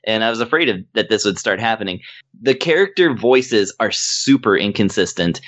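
A man's voice: mid-range voice, expressive, normal speed, fairly bright tone. A man casually reviewing a video game in rambling chat, with lots of fillers and laughter. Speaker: podcast co-host reviewing games.

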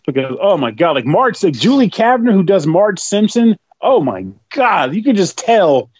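A man with a high voice who rambles through stories in casual group chat and laughs often. He talks in an animated way. The recording sounds dull and lo-fi. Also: moderate pace, slightly rough.

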